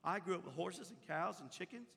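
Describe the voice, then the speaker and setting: Casting: male pastor, middle-aged, high gravelly voice, sermon in a reverberant church hall. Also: brisk. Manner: impassioned, storytelling, swells loud at peaks. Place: church sanctuary.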